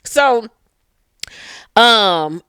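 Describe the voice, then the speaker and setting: A profane, animated recap host retells a TV episode, popping into exaggerated character voices along the way. The delivery is loose and comedic, with speech. The sound is dry and close to the mic. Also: mid-range voice, drawn-out words, smooth, dry recording.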